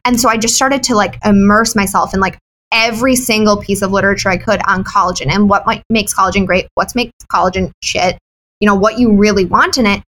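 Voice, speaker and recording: Guest, woman, wellness business owner: quick, candid, chatty, lots of fillers. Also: mid-range voice, steady tone, a bit bright, slight background noise, rough recording. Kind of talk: casual interview chat.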